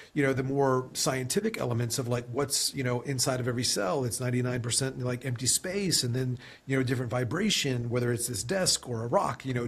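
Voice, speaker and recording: A man with a medium-pitched, gravelly, slightly rough voice is a guest on a podcast, interviewed about his work as a sales leader. He speaks conversationally, reflective and rambling, often saying "you know."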